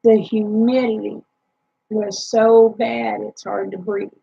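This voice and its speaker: A worn-out woman with a drawl talks unhurriedly to her live viewers, rambling with plenty of fillers. Her voice is gravelly and a little husky. The sound is dull and lo-fi. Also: medium pitch, little pitch movement, slow, warm tone. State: tired, yawning. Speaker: homesteader talking to live chat viewers. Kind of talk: casual live chat.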